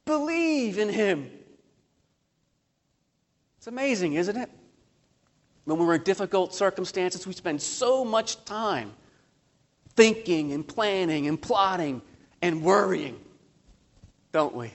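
A male pastor delivering a sermon in a notably high voice. He slows to a crawl on key phrases, swells suddenly louder, and asks his listeners rhetorical questions. He mixes earnest pleading with self-mocking humor. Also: lively intonation. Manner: impassioned preaching with slow emphatic phrases and sudden surges in loudness.

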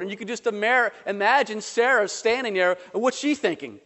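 A man preaching a sermon, animated and conversational, acting out voices in the quotes he tells. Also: very high-pitched, moderate pace, hardly any pauses, in a large hall. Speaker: pastor.

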